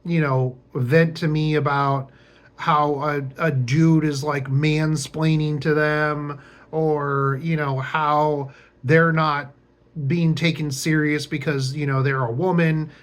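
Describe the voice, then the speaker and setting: A young man drawls through a casual vlog story at an unhurried pace, his voice sitting a little on the high side. He rambles with plenty of fillers and restarts, and drops wry, sarcastic asides along the way. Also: level tone. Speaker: vlogger.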